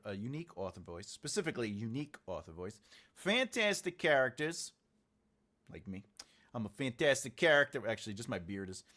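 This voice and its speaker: A man's voice: fairly low pitch, bright, forceful tone. A man livestreaming his book outlining, muttering notes to himself and joking with viewers in casual chat. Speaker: author livestreaming his writing process.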